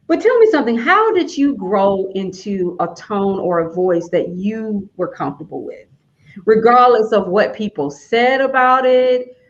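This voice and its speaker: A woman with a Southern US accent chats and interviews over a streamed video call. Her mid-range voice is emphatic and now and then leaps up high. The audio is dull and lo-fi. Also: lively intonation, a little slow. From Alabama, US. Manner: chatty, emphatic, rising to high exclamations. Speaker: host, author. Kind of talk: casual interview chat.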